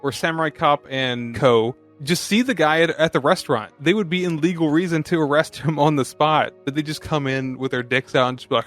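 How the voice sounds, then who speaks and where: Man, podcast co-host, slightly high voice, animated chat, laughing, loud character impressions, faint background music. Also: a little fast, few pauses. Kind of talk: casual podcast chat about a movie.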